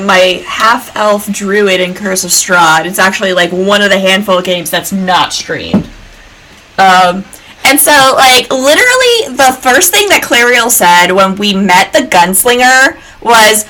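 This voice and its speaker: A woman's voice: mid-range voice, pushed and bright, a little hiss or hum, rough recording. A woman from Georgia, a podcast guest chatting casually with lots of fillers. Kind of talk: casual chat.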